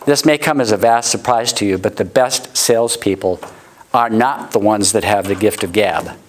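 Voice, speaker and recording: A middle-aged man giving a sales training talk, acting out customer quotes in high voices. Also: normal speed, poor audio. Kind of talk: motivational sales talk to a live audience. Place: warm indoor room.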